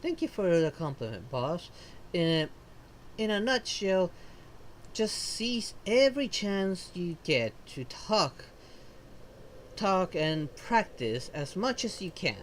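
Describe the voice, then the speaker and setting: A woman's voice: fairly low pitch, sing-song, slow, slight background noise. Chirpy foxian streamer girl. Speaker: game character livestreamer. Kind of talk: video game voice acting.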